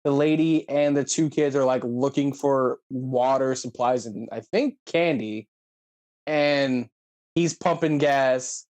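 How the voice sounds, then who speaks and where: A man's voice: mid-range voice, darkish tone. Man, podcast co-host, casual recap, swearing, mid-range voice. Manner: retells scenes with quick quoted lines, swearing. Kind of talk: casual movie-recap chat.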